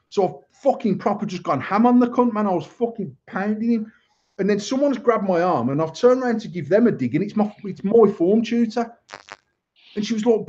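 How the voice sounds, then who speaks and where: High-voiced swearing English man. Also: fairly quick. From England. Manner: crude, swearing constantly, lively anecdote telling. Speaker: podcast host. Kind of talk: casual storytelling chat. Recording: dull lo-fi recording.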